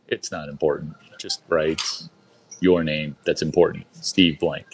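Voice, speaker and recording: Guy with a deep voice telling a story fast, keeps repeating himself and quizzing the crowd, faint hum behind. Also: animated, low-quality recording. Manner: rapid-fire, repeats lines, fires rhetorical questions at listeners. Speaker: storyteller speaking to a group. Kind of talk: casual anecdotal storytelling.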